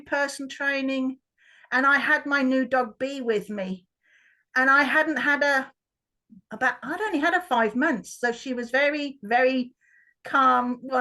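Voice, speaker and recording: A woman's voice: high voice, pushed and bright, rough recording. A woman, a workshop participant, chattily telling a story about her dog on a video call. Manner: chatty, with restarts.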